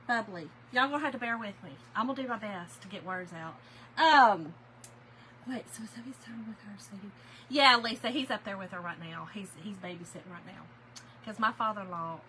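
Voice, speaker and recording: Hosting a live craft-supply sale, a chatty, effusive woman thanks viewers by name in casual stream chat, quick to laugh and get emotional. Her mid-range voice has a sharp tone, and the low-quality recording carries slight background noise.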